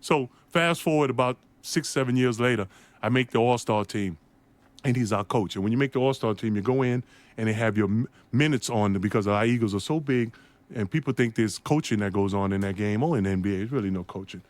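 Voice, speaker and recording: In an interview, a former basketball player tells an animated story, laughing often and doing the voices of the people in it. His voice is fairly low and brisk, with no room sound.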